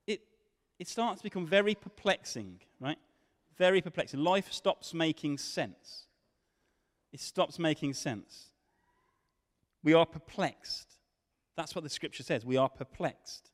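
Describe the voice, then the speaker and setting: A man preaching a sermon, swinging from loud questions to hushed tones. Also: on the high side, measured pace. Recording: long hall reverb.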